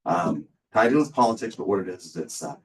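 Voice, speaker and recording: An expressive, fast-talking instructor with a low voice wanders through his lecture, peppering it with ums and false starts. He's far from the mic, giving a casual, unrefined feel to the classroom audio.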